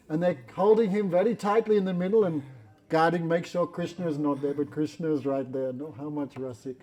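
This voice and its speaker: A man telling a devotional story in a religious class, animated and laughing often, with non-standard English grammar. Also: a little high, brisk. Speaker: spiritual teacher.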